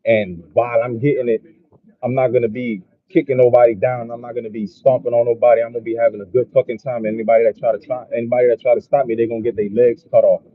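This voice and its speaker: A man rambles through a fired-up motivational talk, swearing often and circling back over the same phrases. His voice is husky and a little breathy. The sound is thin and tinny, like a phone line. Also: medium pitch, flat delivery, fast talker. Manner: profane, repetitive, preachy. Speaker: motivational vlogger. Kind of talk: casual motivational monologue.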